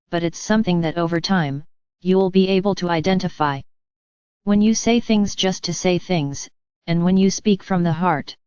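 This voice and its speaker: A woman delivering a channeled spiritual message, speaking gently and patiently to her listeners. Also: fairly low pitch, clean tone, no echo, dull audio. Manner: gentle, patient, addresses listeners as dear ones.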